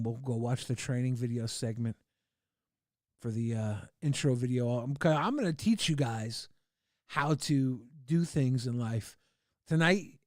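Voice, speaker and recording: A livestream host, a man with a medium-pitched, somewhat dark voice, chats casually and crudely while reacting to videos, laughing often, swearing, and putting on silly voices. The audio is clean studio sound with no room echo.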